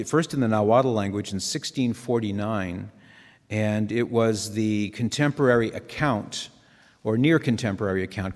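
Male preacher, earnest and conversational, long reverb from a hall. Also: fairly low pitch. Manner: conversational, earnest, digressive with asides. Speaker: Catholic preacher. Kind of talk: sermon.

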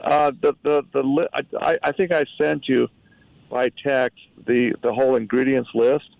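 A man pitching a product over a call, halting and repeating himself as he talks. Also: little pitch movement, creaky, no echo, highs cut off. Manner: halting, repeats words, salesy. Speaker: product promoter. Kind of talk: phone call.

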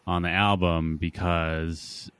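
A man with a lowish voice talks in laid-back, rambling podcast banter. He is recording from home over a remote call. The sound is dry and close. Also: flat delivery, takes it slowly, fairly bright tone, clear, resonant tone, no echo. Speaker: podcast co-host. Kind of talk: casual chat. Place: home, upstairs room with a screen behind.

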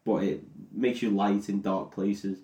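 A man's voice: lowish voice, steady tone, measured pace, dark tone. Man, young, drunk, rambling, sweary, casual podcast chat, roomy echo. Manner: rambling, sweary, unsure of details. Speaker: podcast co-host. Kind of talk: casual chat, recapping a film.

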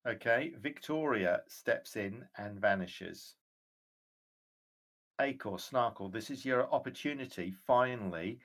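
A man running a tabletop game as game master, narrating the scene in a measured, descriptive way with occasional fillers. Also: mid-range voice, lively intonation.

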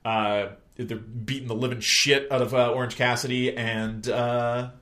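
Young guy hosting a pod, chill sweary wrestling recap, jokey asides, middle-pitched regular voice. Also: flat delivery, measured pace, fairly bright tone. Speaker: podcast host. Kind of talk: casual wrestling recap chat.

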